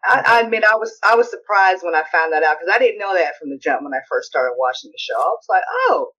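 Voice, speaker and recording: A woman co-hosting a podcast, talking things over slowly and thoughtfully, pausing to find her words. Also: fairly low pitch, a bit bright. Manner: unhurried, thoughtful, halting. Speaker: podcast co-host. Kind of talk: casual chat. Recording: muffled lo-fi audio.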